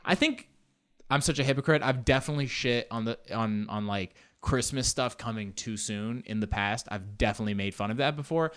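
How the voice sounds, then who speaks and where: A man's voice: mid-range voice, fairly quick, a bit bright, smooth. A young man hosting a casual solo chat, rambling and self-mocking, with loose slang and lots of fillers.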